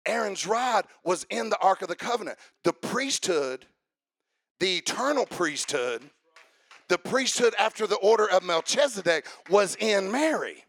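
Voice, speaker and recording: A man preaching a sermon to a congregation, building to fervent shouts and calling for responses. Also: high voice, sing-song, unhurried, slightly rough, dry recording, clean studio sound. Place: church service.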